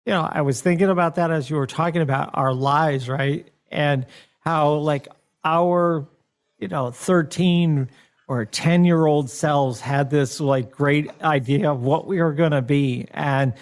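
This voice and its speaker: Unhurried and a little high in pitch, this man is a program director appearing as a guest. He's relaxed in casual conversation, wandering through his thoughts and joining in the laughter.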